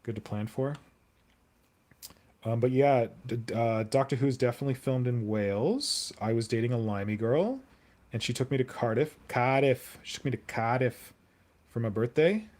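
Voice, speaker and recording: A man's voice: mid-range voice, animated, moderate pace, a little mellow. A young man chatting casually on a live stream while he sculpts, rambling and answering viewer comments aloud.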